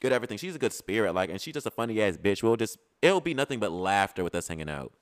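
A man's voice: fairly low pitch, big pitch swings, very fast. A young man in casual podcast chat, brash and profane, roasting his co-host in playful banter.

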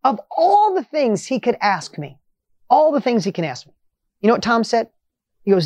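A man hosting a motivational podcast, telling a coaching story with emphatic energy that swings between loud highs and quiet asides. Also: wildly swooping pitch, normal speed, long pauses, dry recording, clean studio sound.

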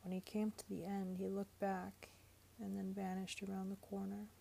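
A woman narrating a novel aloud in a measured, even storytelling manner. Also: mid-range voice, gravelly, a little hiss or hum. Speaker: audiobook narrator. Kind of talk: storybook reading.

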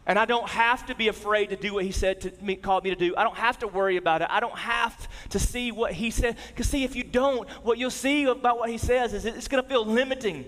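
A man in his thirties preaching a sermon as a pastor, telling a family story and moving between lively emphasis and soft, low tones. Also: a little fast, few pauses, long reverb tail.

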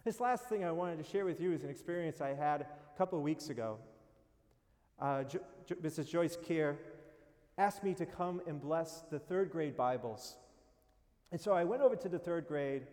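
Gentle, slow-speaking priest in a reverberant church. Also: male voice, on the high side. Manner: gentle, unhurried, prayerful. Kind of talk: homily. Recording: long reverb of a large hall.

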